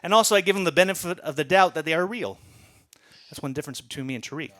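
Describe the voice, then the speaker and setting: A man's voice: on the high side, rapid-fire, a bit bright. A man doing a rambling, profane stand-up comedy set with a self-deprecating edge.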